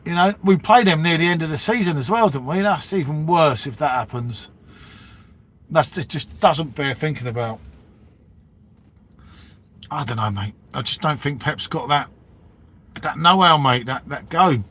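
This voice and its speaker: Rambling bloke saying mate. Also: male voice, fairly high pitch, normal speed, pauses often, a bit bright. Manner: matey, rambling, says "mate" and "innit" constantly. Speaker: livestream host chatting with viewers. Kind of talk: casual live-stream chat.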